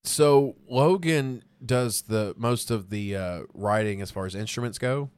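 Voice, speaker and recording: Man in his thirties, lowish voice, casual rambling chat, fillers and swearing. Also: measured pace, smooth. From United States. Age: 30s. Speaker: band vocalist, guest.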